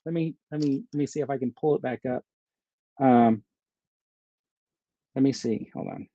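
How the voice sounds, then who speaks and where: A man hosting a live stream, talking casually and rambling as he thinks aloud and answers chat. His voice is mellow and relaxed. The audio is dry and a little dull, like lo-fi stream sound. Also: mid-range voice, unhurried, pauses often, dry recording. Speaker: host of a live stream about his action figure collection.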